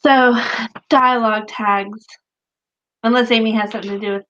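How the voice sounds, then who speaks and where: A chatty, animated woman in her thirties or forties, talking as a co-host with a slightly higher voice. She leans on fillers and laughs a lot. The recording sounds dull and lo-fi. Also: moderate pace. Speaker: podcast co-host, author. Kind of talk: casual chat.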